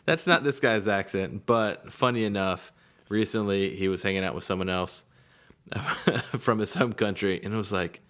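A man's voice: fairly low pitch, steady tone, normal speed, fairly bright tone. A man in his thirties hosting a casual podcast, easygoing and rambling, poking fun at himself. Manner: easygoing, rambling, self-deprecating. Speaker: podcast host.

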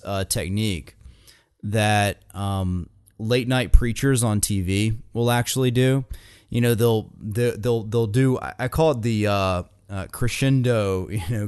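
Man calmly analyzing a speech. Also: fairly low pitch, clear, resonant tone, dry recording, studio quality. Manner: measured and explanatory, with frequent fillers and repeated words. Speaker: speech commentator. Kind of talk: analytical commentary on a speech clip.

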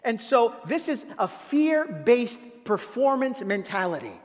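A man preaching a sermon as a pastor, telling a story with lively quoted voices and explaining scripture to his congregation. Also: extremely high pitch, unhurried, hardly any pauses. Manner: animated, dramatic retelling with quoted voices. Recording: long reverb of a large hall.

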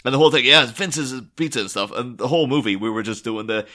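A man talking films in a loose podcast chat. His voice is bright and forceful, and he gets animated easily. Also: medium pitch, quick pace. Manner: animated, slips into silly impressions. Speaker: podcast co-host. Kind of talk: casual chat.

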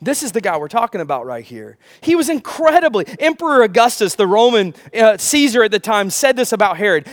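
A man preaching a sermon as pastor, animated, with rhetorical questions and humor. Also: high voice, a little fast, few pauses.

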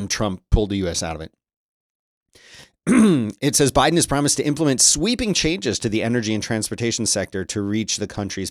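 A man's voice: on the low side, no room sound, studio quality. A middle-aged man hosting a show, chatting casually about the news and breaking into exasperated rants as he reads articles aloud. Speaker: podcast host.

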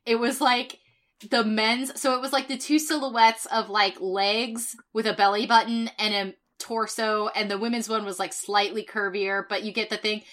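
A woman's voice: mid-range voice, fairly even intonation, normal speed, a bit bright. A young woman co-hosting a podcast, telling stories in a heated, profane, casual chat full of fillers. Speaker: podcast co-host.

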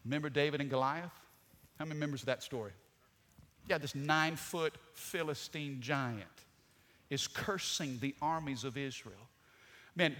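A man preaching a sermon with dynamic delivery, swinging from loud to soft. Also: on the high side. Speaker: pastor. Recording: long hall reverb.

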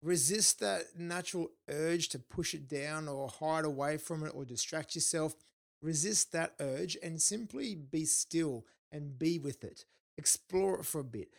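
A man's voice: on the high side, a little slow, creaky. Encouraging male podcast host. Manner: encouraging, instructive. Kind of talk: casual chat and wrap-up.

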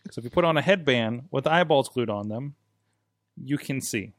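A male podcast host in a studio, telling match stories in a casual, animated way and laughing as he goes. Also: medium pitch, moderate pace, dry recording. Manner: animated storyteller, laughs while recounting. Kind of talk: casual chat.

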